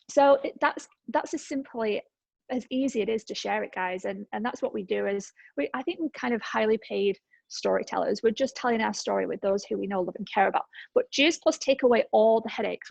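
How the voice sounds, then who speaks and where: A woman's voice: on the high side, creaky, no echo, poor audio. Chatty woman in her thirties. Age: 30s. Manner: chatty, upbeat storytelling with many fillers. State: slightly out of breath. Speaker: network marketing presenter. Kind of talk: casual presentation on a group call. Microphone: call microphone.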